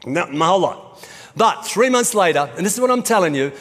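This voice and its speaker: Male pastor, middle-aged, high-ish voice, chatty storytelling sermon, echoing hall. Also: animated, fairly quick, fairly bright tone. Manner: conversational storytelling preaching. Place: church auditorium. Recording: reverberant church hall.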